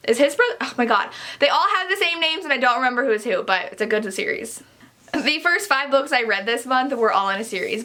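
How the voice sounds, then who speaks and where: A young woman talks through her monthly reading in a loose, rambling vlog chat, gushing one moment and exasperated the next. Her voice is bright and sits slightly high. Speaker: book vlogger. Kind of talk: casual book review chat.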